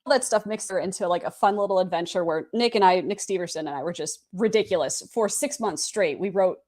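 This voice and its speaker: A woman guest author chatting over a video call, excitable and gushing, laughing often. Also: on the low side, a little fast. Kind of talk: casual interview chat.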